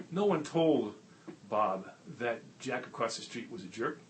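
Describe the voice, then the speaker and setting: A man hosting his own video show, telling a story in a folksy, animated way and giving earnest motivational advice, recorded on a tablet's built-in mic. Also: on the high side, moderate pace. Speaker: network marketing trainer and show host. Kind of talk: casual to-camera video talk and storytelling.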